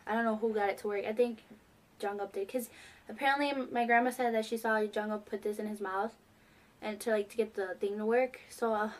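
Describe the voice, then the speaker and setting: A young woman telling an excited, rambling story to camera, filled with "like". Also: medium pitch, brisk. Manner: excitable, heavy use of "like". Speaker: fan vlogger. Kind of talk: casual storytelling.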